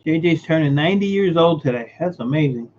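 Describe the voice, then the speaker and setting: A man's voice: on the high side, expressive, a little fast, a little mellow, dull audio, a little hiss or hum. A man hosting a casual livestream, greeting viewers by name and muttering while he fixes his setup. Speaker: livestream host. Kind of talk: casual live-stream chat.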